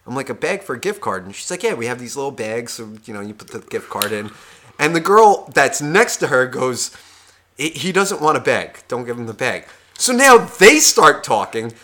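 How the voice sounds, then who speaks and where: A man co-hosting a podcast, telling a profane story in a casual, animated way and acting out the people in it. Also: medium pitch, normal speed. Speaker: podcast co-host.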